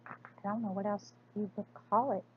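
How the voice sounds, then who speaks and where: A woman's voice: medium pitch, steady tone, a little fast, phone-quality sound, a little hiss or hum. A woman chatting casually through an accent tag video, hesitant and full of fillers and restarts. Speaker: crafting vlogger.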